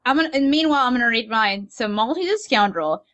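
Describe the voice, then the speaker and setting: A woman's voice: on the high side, lively intonation, quick pace, a bit bright, dry recording, dull audio. A woman playing a tabletop card game with friends, teasing and giggling as she reads her card. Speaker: player. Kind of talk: casual game-night banter.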